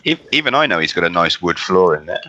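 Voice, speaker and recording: Low-voiced dry-humored male panelist on a noisy home mic. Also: big pitch swings, fast, muffled recording. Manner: teasing, dry. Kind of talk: casual panel chat on a livestream.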